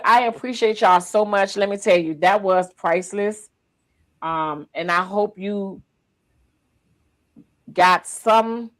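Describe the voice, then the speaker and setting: A woman hosting a casual livestream podcast, lively and emotional, teary-eyed as she talks. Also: mid-range voice. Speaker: podcast host.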